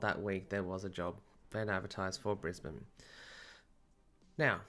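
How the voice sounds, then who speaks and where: A man's voice: deep voice, flat delivery, measured pace, fairly bright tone. A man telling a personal story in a casual, chatty podcast monologue, often breaking into laughter. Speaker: medium and podcast host.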